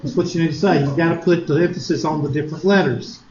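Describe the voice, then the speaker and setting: A man with a South Carolina Southern accent teaches a math class, joking and wandering off topic, often tossing rhetorical questions at his students. His voice sits a little high for a man. The classroom recording is dull and lo-fi, with a faint hiss underneath. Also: fairly even intonation, quick pace, a little mellow. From Upstate South Carolina, US. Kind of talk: classroom lecture with digressions.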